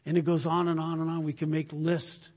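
A man with a high, husky voice preaches a sermon. He moves from loud, emphatic lines down to quiet, breathy asides and slows right down to stress key words. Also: monotone, big-room sound. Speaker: pastor.

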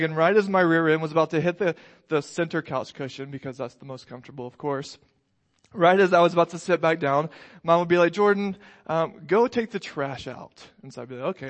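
A young man gives a sermon with an easygoing, conversational delivery, slipping gentle humor into his stories. His voice sits a little higher than most men's. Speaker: pastor.

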